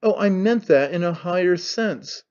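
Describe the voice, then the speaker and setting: A man's voice: sits high, expressive, a little slow, a little mellow, dull audio, pitched above the performer's own voice. A man doing a wailing, outraged old father. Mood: indignant. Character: aged father, wounded, indignant, theatrical.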